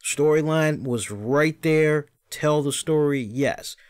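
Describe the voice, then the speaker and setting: A man on a wrestling podcast rants in a loose, profane way and drops mocking impressions as he goes. His voice sits a little higher than most men's. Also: slow pace. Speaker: podcast host. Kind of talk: casual wrestling commentary.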